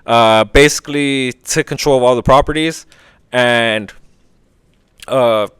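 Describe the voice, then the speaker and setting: Man, podcast host, blunt and profane, smooth resonant tone, dry close mic. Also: medium pitch, fairly bright tone, no room sound. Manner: profane, opinionated, acts out quick voices. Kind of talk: casual history podcast monologue.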